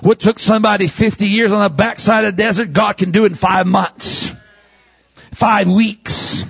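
A man preaching a sermon, dropping low then rising into loud, high shouts. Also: fairly even intonation, moderate pace, creaky, husky.

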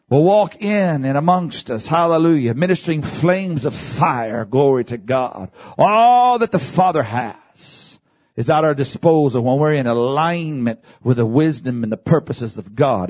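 Fervent preacher with a husky voice. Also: male voice, on the high side. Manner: rising to fervent shouts, calls for amen and hallelujah. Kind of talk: sermon.

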